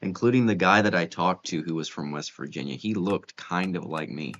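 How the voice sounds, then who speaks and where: A man's voice: low voice, fairly quick, fairly bright tone, muffled recording. A man streaming a game, chatting in a rambling, offhand way. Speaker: gaming streamer. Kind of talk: casual chat while streaming.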